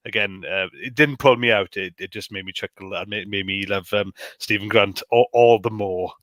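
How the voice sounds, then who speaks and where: Halting, bright-voiced man. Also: lowish voice, steady tone, dry recording. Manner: halting, repeats words often. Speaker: podcast co-host. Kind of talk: casual chat.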